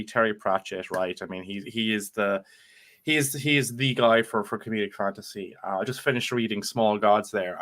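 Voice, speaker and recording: A man's voice: mid-range voice, fairly bright tone. Man, casual, chatty, rambling, restarts often. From United Kingdom. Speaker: guest author. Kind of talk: casual video chat.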